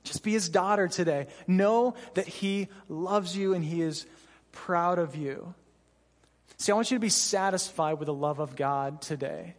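A man with a notably high voice preaches an earnest, conversational sermon to his congregation. He talks straight to the room and keeps tossing in "you know" and "right?" asides. His words ring out with the long reverb of a large church hall. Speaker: pastor.

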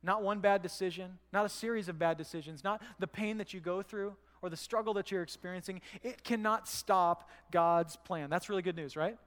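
A man's voice: high voice, fairly quick, hardly any pauses, fairly bright tone. A male pastor preaching a sermon in a church, conversational and often checking in with the room. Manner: conversational, asks the room "right?". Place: church sanctuary. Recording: church hall with long reverb.

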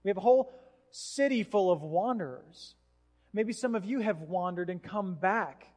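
A man with a high, light voice preaches to his congregation, spinning an animated story and slipping into the voices of the people in it. His words ring out with a long reverb through a large church sanctuary, picked up by a stage microphone. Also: moderate pace, faint music behind. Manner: animated storytelling with acted-out quotes. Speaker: pastor. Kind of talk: sermon.

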